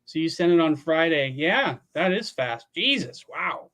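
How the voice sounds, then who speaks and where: Chatty, swearing livestream host, higher voice. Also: male voice, animated, unhurried, a bit bright. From Pennsylvania, USA. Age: around 50. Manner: chatty, laid-back, swears casually. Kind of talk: casual livestream chat.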